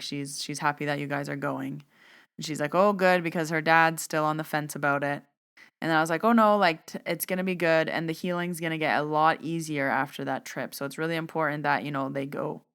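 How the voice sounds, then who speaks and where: A woman's voice: low-pitched, a bit bright, smooth. A woman podcast host casually recounting a conversation, acting out both sides of the dialogue in a chatty way. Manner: chatty, retells dialogue with "I was like". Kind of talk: casual storytelling monologue.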